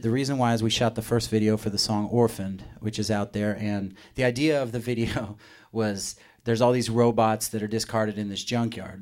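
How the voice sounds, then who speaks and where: A man's voice: on the low side, darkish tone. A man in his thirties, a musician guest on a live radio show, telling rambling stories with jokes. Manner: rambling, joking storyteller. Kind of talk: live radio interview, casual chat. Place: radio studio.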